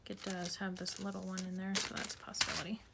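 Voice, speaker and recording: A woman streaming her card making from home, thinking aloud and muttering softly to herself as she sorts through supplies. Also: mid-range voice, little pitch movement, racing, creaky, very noisy. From United States. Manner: muttering to herself while sorting supplies, soft asides. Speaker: craft streamer. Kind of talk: casual craft livestream chat.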